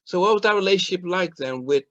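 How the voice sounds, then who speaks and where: A man's voice: sits high, animated, quick pace, bright, forceful tone. Curious male interviewer, dull audio. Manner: curious, rambling questions with restarts. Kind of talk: casual interview questions.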